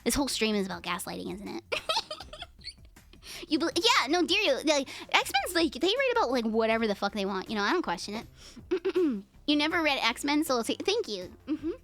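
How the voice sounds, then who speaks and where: A young woman hosting a livestream, reading aloud and chatting with her viewers, animated and profane. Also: sits high, normal speed, slight background noise. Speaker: livestream host. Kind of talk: reading and chatting with live chat.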